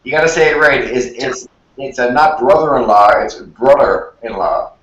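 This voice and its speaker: A man's voice: mid-range voice, moderate pace, a bit bright, highs cut off, a little hiss or hum. A man from Newfoundland teasing the others in a slangy, casual way. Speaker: livestream guest. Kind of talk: casual chat. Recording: roomy echo.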